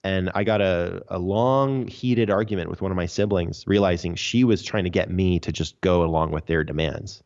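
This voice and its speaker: A man's voice: low voice, normal speed, few pauses, a little mellow. A man, a podcast guest, recounting his story earnestly and emphatically in a casual interview. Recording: dull lo-fi audio.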